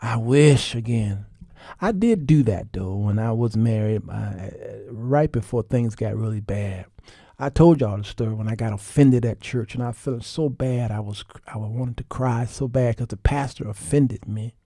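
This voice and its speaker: A man hosting his show, telling a comic story animated and laughing, calling listeners y'all. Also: medium pitch, a little slow, no room sound, clean studio sound. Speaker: show host.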